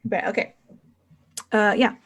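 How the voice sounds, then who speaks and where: A woman's voice: unhurried, a bit bright. A woman running a tabletop game as game master, narrating hesitantly with many restarts.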